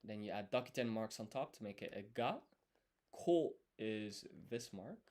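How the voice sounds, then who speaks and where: A man studying on a live stream, thinking aloud as he writes and explaining each step in a deliberate, self-correcting way. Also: lowish voice, expressive, a little mellow. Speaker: language learner streaming his study.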